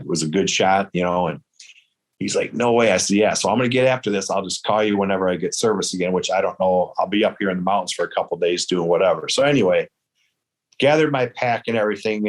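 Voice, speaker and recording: A man from Michigan, telling a hunting story in casual chat, acting out the dialogue with lively quotes. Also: deep voice. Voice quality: hard of hearing in one ear. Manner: animated, quotes dialogue in raised voice. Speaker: guest storyteller.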